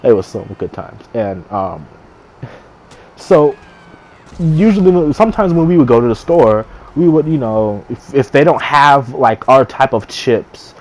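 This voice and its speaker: A man's voice: mid-range voice, lively intonation, unhurried. A young man, a gaming streamer, casually telling a story to camera, rambling, restarting his sentences and swearing offhandedly.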